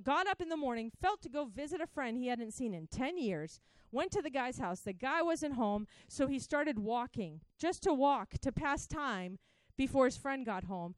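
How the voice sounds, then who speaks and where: A woman's voice: on the high side, clear, resonant tone, no echo, clean studio sound. A woman preaching a sermon, telling her own testimony with fervent, direct appeals to the listeners. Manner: impassioned, talks straight to the crowd.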